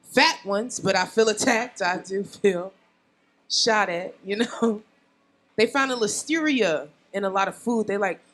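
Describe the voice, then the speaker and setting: A young woman doing a loud, brash, profane stand-up comedy set on a bar stage. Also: mid-range voice, unhurried, poor audio. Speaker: stand-up comic.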